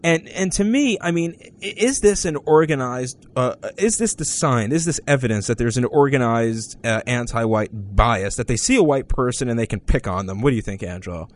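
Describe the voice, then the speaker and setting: A man hosting a talk podcast, rambling through stories with many restarts and sudden upward jumps in pitch. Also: expressive, normal speed, hardly any pauses. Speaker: podcast host. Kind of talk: casual opinion talk.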